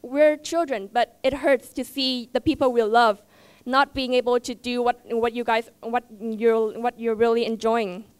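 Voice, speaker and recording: A teenage girl with a Vietnamese accent giving a heartfelt, halting speech at a school event, often repeating herself as she searches for words. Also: a little high, fairly even intonation, clear, resonant tone, dry recording. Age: teens. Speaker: student speaker. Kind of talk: emotional personal speech.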